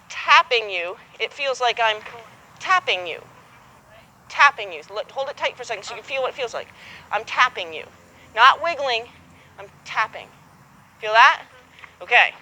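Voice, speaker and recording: A woman's voice: sits high, sharp tone, a little hiss or hum, low-quality recording. A woman coaching a horsemanship student outdoors, patient and encouraging, acting out both horse and rider as she explains. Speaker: horsemanship instructor. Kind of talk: hands-on coaching.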